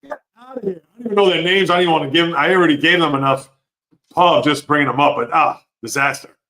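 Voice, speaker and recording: A man hosting a live sports talk stream, reading chat comments and giving opinionated, animated reactions. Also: fairly high pitch, quick pace. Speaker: sports show host.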